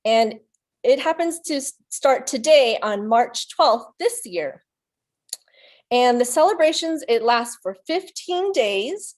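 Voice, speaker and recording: Slow, high-voiced woman librarian. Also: animated, darkish tone. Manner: upbeat, speaks to young children. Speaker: youth librarian. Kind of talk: virtual children's story time.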